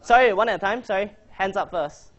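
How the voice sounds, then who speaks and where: High-voiced chatty debating coach man. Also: fairly quick, fairly bright tone, highs cut off. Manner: chatty and joking, quizzing the audience. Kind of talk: casual workshop presentation.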